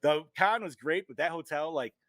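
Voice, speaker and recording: A man's voice: a little high, moderate pace, over a noisy crowd. A man hosting a podcast, telling a rambling story in casual chat and swearing a lot. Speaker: podcast host.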